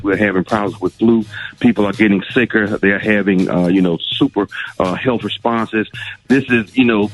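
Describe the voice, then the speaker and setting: Lower-voiced doctor giving a health update. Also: male voice, low-quality recording. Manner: earnest, briefing tone with fillers. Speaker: medical guest commentator.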